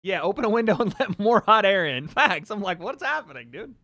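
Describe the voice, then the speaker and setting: Male streamer at home, high bright voice, dry close sound, teasing banter with chat. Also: lively intonation, fairly quick, dry recording. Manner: joking, trolling banter with his chat. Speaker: livestream host. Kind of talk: casual livestream chat.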